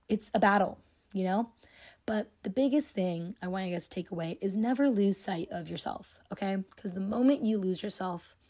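A woman's voice: medium pitch, warm tone. A young woman hosting her own podcast, talking casually and chattily with lots of "like" and "you know.". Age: young adult. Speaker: podcast host. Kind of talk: casual solo podcast talk.

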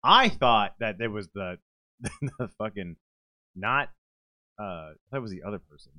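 Loose, swearing podcast co-host. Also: male voice, lowish voice, animated, unhurried, bright, forceful tone. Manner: swears a lot, acts out scenes he retells. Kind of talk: casual chat.

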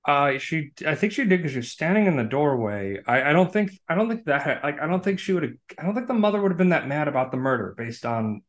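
A man co-hosting a podcast, calmly recapping a film's plot with dry jokes. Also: a little high, fast talker, hardly any pauses. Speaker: podcast co-host. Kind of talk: casual film discussion.

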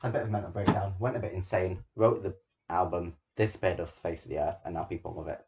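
A man's voice: sits low, fast talker, vocal fry, darkish tone, dull audio. A teenage boy hosting a homemade podcast, talking bluntly and teasing his friend, with plenty of swearing. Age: teens. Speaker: podcast host. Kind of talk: casual chat. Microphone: small home microphone.

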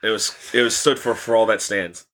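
A man's voice: fairly low pitch, fairly even intonation, fairly quick, a bit bright. Laid-back swearing young man, laughing. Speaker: podcast co-host. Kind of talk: casual chat.

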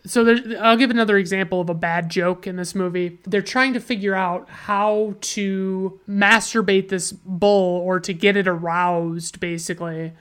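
A woman's voice: medium pitch, fairly even intonation, moderate pace, hardly any pauses, a bit bright, clean tone. A woman casually reviewing a movie, sarcastic and profane, often restarting her sentences.

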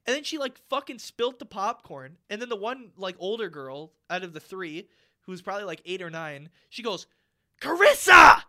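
A man's voice: sits high, moderate pace, bright, forceful tone. A young man co-hosting a casual podcast chat, ranting and swearing freely with lots of fillers. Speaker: podcast co-host.

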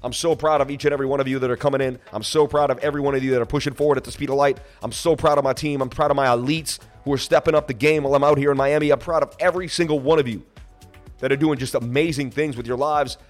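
Rambling, emotional male livestream host. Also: medium pitch. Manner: rambling, emotional, pleading for likes. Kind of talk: casual livestream chat reading viewer comments. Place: traveling, streaming from Miami.

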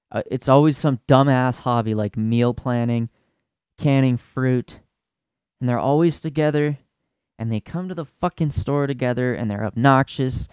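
A young man hosting a comedy podcast, ranting in a profane, exasperated way with loud outbursts. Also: medium pitch, clean tone, no room sound, muffled recording. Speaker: podcast host.

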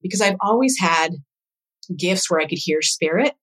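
A woman with a slightly low voice speaks as a podcast guest, recounting her own experiences. She talks in an earnest, reflective way and stays emotionally open. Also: expressive, moderate pace, fairly bright tone. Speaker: guest, doula coach. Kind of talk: personal storytelling in conversation.

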